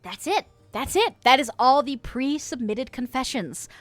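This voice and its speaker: A young woman streamer playing a mock preacher, reading her chat's verdicts aloud with swearing, laughter and loud exclamations. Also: high-pitched, animated, measured pace, dry recording, soft background music. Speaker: streamer hosting a mock confession segment. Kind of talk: playful mock-sermon, reading chat aloud.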